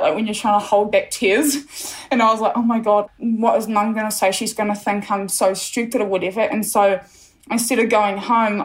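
A bubbly young woman from New Zealand, a podcast guest, chatting casually and laughing often as she tells her story. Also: mid-range voice.

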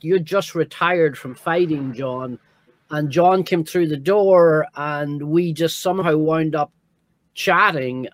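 A man, recalling a story in a halting, reflective way. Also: a little high, fairly bright tone, no room sound. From Ireland. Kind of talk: casual recollection.

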